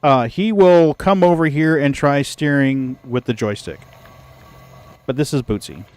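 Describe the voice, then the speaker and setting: A man casually chatting with his stream viewers, telling a story in an animated, profane way and laughing easily. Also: mid-range voice, a little slow, clear, resonant tone. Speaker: gaming livestreamer.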